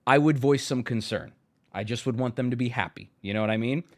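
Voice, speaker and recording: A male streamer giving casual, profane live commentary, swinging into loud exasperated rants. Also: medium pitch, fairly quick. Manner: animated, swearing, rising to loud exasperated rants.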